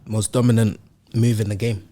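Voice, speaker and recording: A man's voice: on the low side, little pitch movement, moderate pace, warm tone. A man co-hosting a sports podcast, bantering and teasing the others in casual chat. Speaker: podcast co-host.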